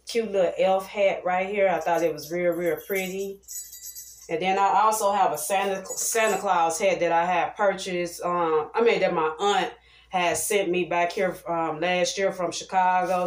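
A young woman chatting loosely to her viewers in a casual vlog and calling them y'all. She is filming herself on a handheld phone camera while out in the city, in a car and at home. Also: lowish voice. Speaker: vlogger. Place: out and about in the city and riding in a car, later indoors at home. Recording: noisy phone recording with traffic behind.

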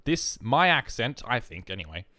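Australian guy, gaming voice-over, rambling and self-mocking, very animated, dry close mic. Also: medium pitch, normal speed, no room sound. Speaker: gaming YouTuber. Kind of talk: casual commentary over gameplay. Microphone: headphones and desk mic.

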